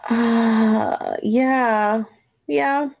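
A woman's voice: a little high, steady tone, drawn-out words, gravelly, darkish tone. A woman co-hosting a podcast, giving blunt, short reactions in casual chat. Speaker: podcast co-host.

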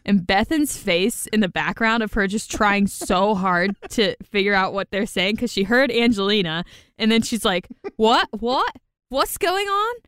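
Lively woman co-hosting a podcast recap. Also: medium pitch, normal speed, clear, resonant tone, no echo, clean studio sound. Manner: animated, laughs often. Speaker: podcast co-host. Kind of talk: casual recap chat.

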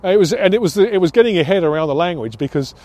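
An older British man talks through his years as a pilot instructor at an easy, reflective pace. His voice sits a little high for a man, and he often stops and restarts mid-sentence as he remembers. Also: animated, very fast, a little mellow, dry recording. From United Kingdom. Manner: reflective, many restarts and hesitations. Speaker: interviewee, former RAF pilot instructor. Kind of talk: oral history interview.

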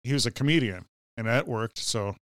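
A man with a smooth, clear voice trading lively movie opinions, loose and full of "you know". The sound is dry and close, with no room in it. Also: mid-range voice, a little fast, dry recording. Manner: animated, peppers talk with "you know". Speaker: podcast co-host. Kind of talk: casual movie chat.

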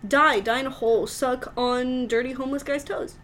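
A woman's voice: sits high, fairly even intonation, normal speed, fairly bright tone, slight background noise. A young woman from Arkansas, co-hosting a casual podcast; she laughs often and talks bluntly, with plenty of swearing. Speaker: podcast co-host.

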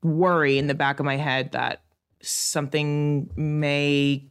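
A woman in her late twenties co-hosting a relaxed podcast chat with a friend. Her voice sits a little low, but her stories leap up in pitch as she gets animated. She laughs often and swears casually. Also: takes it slowly, smooth. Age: late 20s. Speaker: podcast co-host.

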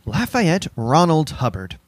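A man co-hosting a comedy podcast in loose, joking chat. He laughs a lot, and his fairly high voice swings widely in pitch. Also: measured pace, breathy edge, no echo. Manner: animated, laughs often, jokey. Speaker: podcast co-host.

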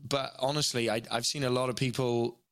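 A man's voice: medium pitch, flat delivery, fairly quick, fairly bright tone, no room sound, studio quality. A man guesting on a podcast, talking candidly in a rambling, self-questioning way with frequent restarts.

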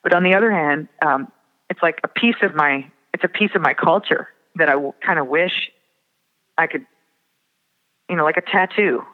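A man from the Fargo area, a songwriter guest, talking reflectively with many pauses and fillers. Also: fairly high pitch. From Fargo area, Minnesota. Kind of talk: casual interview. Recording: tinny phone line with long reverb.

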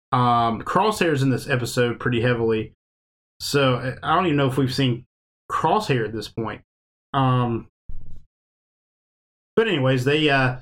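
A man's voice: medium pitch, fairly bright tone. A man hosting a casual podcast chat, talking in a loose, rambling way and laughing often. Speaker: podcast host.

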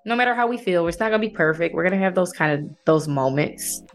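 Podcast host: woman, lowish voice, animated, laughs a lot. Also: fast talker, soft background music. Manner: animated, laughs often, lively storytelling. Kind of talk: faith-based conversation.

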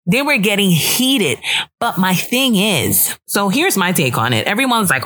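A woman's voice: medium pitch, very animated, normal speed, sharp tone. A young woman hosting a casual solo podcast, chatty and opinionated, swearing freely as she gives her frank take. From US East Coast. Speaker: podcast host.

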